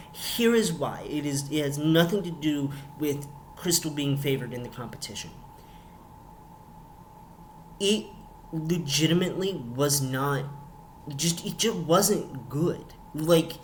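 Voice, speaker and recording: A man's voice: fairly high pitch, slight background noise. A young man reviewing a reality show episode in a casual vlog, rambling, repeating words and building into emphatic rants.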